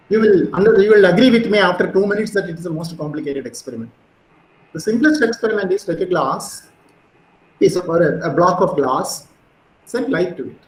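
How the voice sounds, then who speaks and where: A middle-aged man giving a physics lecture, animated and storytelling, with frequent fillers. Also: high voice, roomy sound, a little hiss or hum, low-quality recording.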